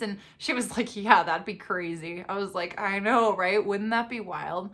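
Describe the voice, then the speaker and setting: A young woman in a casual storytime vlog, telling her story in an animated way and acting out the quotes. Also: moderate pace, few pauses. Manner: animated storyteller, acts out quotes with big pitch jumps. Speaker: vlogger.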